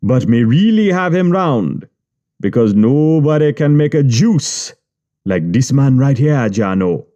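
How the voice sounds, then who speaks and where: A man voicing a smooth-talking Jamaican gang boss, boastful and teasing in thick patois. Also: medium pitch, lively intonation, unhurried, warm tone, muffled recording, pitched above the performer's own voice, close to an everyday voice.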